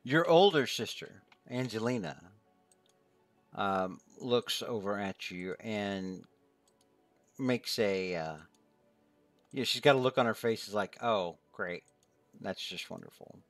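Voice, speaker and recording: A man narrating as game master of a tabletop game, in a measured, relaxed way with many small pauses. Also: on the low side, no room sound, faint music behind.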